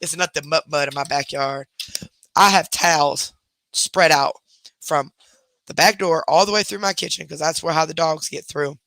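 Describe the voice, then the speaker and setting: A woman's voice: sits low, moderate pace, a bit bright, no room sound. A woman hosting a casual livestream from home, rambling and chatting with her viewers. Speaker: livestream host. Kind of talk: casual live chat.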